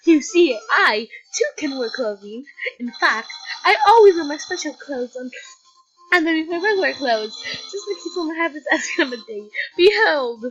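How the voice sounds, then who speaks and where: A woman reading game lines as a loud, boastful male skeleton, declaiming them with theatrical pride over a muffled recording with faint music. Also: sits high, animated, normal speed, voice pushed up. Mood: proud.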